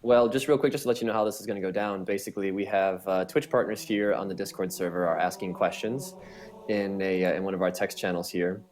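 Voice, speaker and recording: A man moderating a voice chat, upbeat and brisk as he moves callers in and out, on a headset mic. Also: sits low, fairly even intonation, darkish tone, a little hiss or hum. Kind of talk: casual voice chat.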